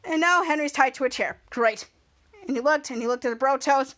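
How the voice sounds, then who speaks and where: A woman's voice: high voice, brisk, fairly bright tone. A woman hosting a podcast, casually recapping a TV episode scene by scene, rambling with frequent restarts. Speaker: podcast host.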